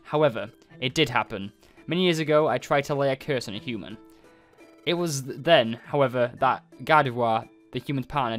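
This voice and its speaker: A man with a medium-pitched voice reads game dialogue aloud, lightly acting the part of an ancient, solemn nine-tailed fox spirit. His delivery is slow and formal, full of archaic phrasing.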